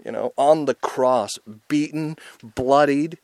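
A man preaching an informal, intense sermon as the host of his show, talking in a conversational way with many asides and rising loud on his emphasis. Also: on the low side, unhurried, no echo.

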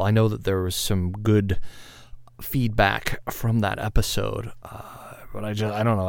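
A man's voice: lowish voice, gravelly, clear, resonant tone, dry recording, clean studio sound. A man hosting a podcast in a casual, rambling, self-deprecating monologue, often laughing at himself. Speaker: podcast host.

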